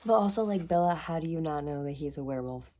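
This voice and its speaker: A woman giving a casual reading vlog recap, chatty and excitable, with lots of "like" and "literally". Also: low-pitched, fast. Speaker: book vlogger.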